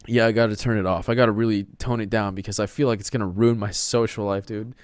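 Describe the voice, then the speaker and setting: A man's voice: on the low side, fairly even intonation, moderate pace, long pauses, smooth, dry recording, clean studio sound. A young man from Texas hosting his own podcast, talking alone in a loose, rambling way, full of "dude" and "man", now and then slipping into a showy put-on voice. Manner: rambling, slangy, keeps saying dude and man. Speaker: podcast host. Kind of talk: solo casual monologue.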